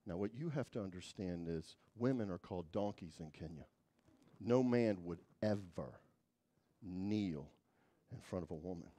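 A man preaching as a guest speaker in church, telling stories dramatically, swinging from loud to hushed. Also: deep voice, lively intonation, unhurried. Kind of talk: sermon storytelling.

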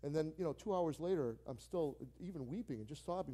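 A man, a pastor, preaching a sermon in a church with animated delivery, repeating key phrases for emphasis and acting out quoted conversations. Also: sits high, fast, few pauses. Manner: acts out quoted phone calls with playful voices.

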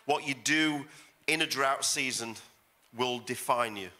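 A man's voice: medium pitch, a little slow, pushed and bright. A middle-aged man preaching as a guest pastor at a church service, emphatic and repeating phrases for effect. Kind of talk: sermon.

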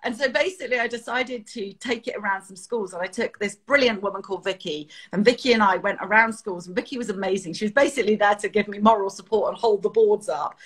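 Middle-aged English woman, children's author, interview guest. Husky, lively storyteller. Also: medium pitch, fast talker, few pauses. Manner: animated storytelling, laughs often. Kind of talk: casual interview chat.

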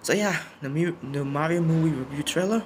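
A man's voice: a little high, fairly quick, a little hiss or hum. A sleepy young man, just out of bed, giving a rambling casual reaction commentary at home, often restarting his sentences. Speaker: YouTuber reacting to a trailer. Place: home, indoors. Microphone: home recording setup.

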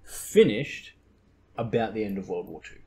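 A man's voice: fairly low pitch, lively intonation, normal speed, darkish tone, a little hiss or hum. A young man hosting a podcast in casual chat, rambling and laughing at his own stories. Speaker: podcast host.

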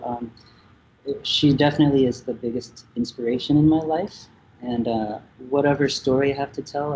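A Vietnamese-born man in his thirties speaks slowly and thoughtfully, pausing often on fillers. His voice sounds mellow and warm. It reaches us through dull, lo-fi remote audio with a faint hiss behind it. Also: mid-range voice. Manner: thoughtful, hesitant with many fillers. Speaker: musician guest. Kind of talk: casual interview talk.

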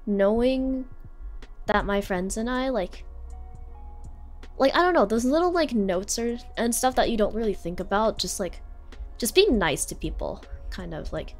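A young adult woman streamer telling a personal story in a casual, rambling way, full of fillers and sentiment. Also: medium pitch. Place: home streaming setup.

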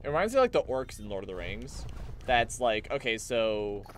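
A man's voice: very animated, normal speed, slight background noise. A man casually commenting on a game he plays on stream, rambling and joking as he goes. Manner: rambling, jokey, puts on silly high voices for clone banter.

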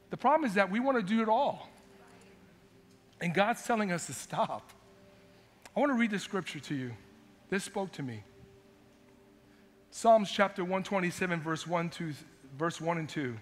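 A man pastor preaching a sermon, passionate, swinging from shouted lines to quiet asides. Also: sits high, lively intonation, normal speed, long pauses. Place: church sanctuary. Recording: long echo of a church hall.

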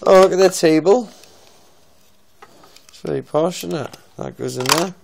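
A father in a casual home video, gently and playfully coaxing his toddler through opening a present. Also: fairly high pitch, measured pace, creaky. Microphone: phone.

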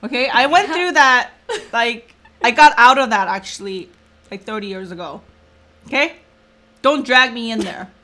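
A woman's voice: a little high, animated, normal speed, long pauses, pushed and bright. A woman in her forties, the vlog host, chatting casually at home in a teasing, exclaiming way. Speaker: vlogger host. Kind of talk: casual family vlog chat. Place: home kitchen.

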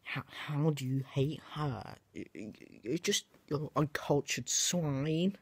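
A young man putting on an accent to play a smug know-it-all pop fan who scolds slowly and emphatically, in a slightly husky, dry voice. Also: fairly high pitch, lively intonation, no room sound, full character voice. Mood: scolding.

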